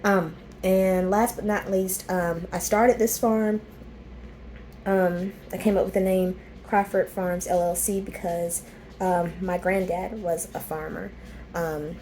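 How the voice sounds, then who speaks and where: A woman's voice: fairly low pitch, mellow, a little hiss or hum. A woman, chatting casually with plenty of ums as she walks around her small farm. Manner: chatty and informal, with frequent ums. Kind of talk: casual vlog chat.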